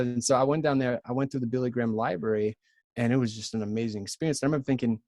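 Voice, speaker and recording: A man in his thirties from Ukraine with a Ukrainian accent, a podcast guest telling his story in an earnest, halting way with many restarts. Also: medium pitch, a little mellow, dry recording, clean studio sound. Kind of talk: casual storytelling.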